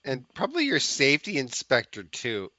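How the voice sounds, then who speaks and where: A man's voice: medium pitch, huge pitch swings, normal speed, bright, forceful tone. A man talking casually as a player in a tabletop game, jokey and rambling. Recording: dry, dull lo-fi sound.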